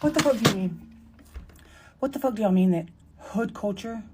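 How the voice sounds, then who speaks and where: A woman's voice: mid-range voice, animated, moderate pace, over music. A woman hosting a commentary video, ranting bluntly with heavy profanity and exasperation. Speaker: commentary host.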